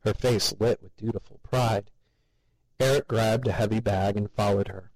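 A man narrating a story with a steady, even reading. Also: fairly low pitch, moderate pace, no room sound, poor audio.

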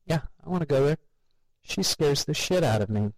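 A man's voice: a little high, expressive, normal speed, darkish tone, dry recording, voice pushed up, rough recording. Man doing a nervous office worker. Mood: defensive.

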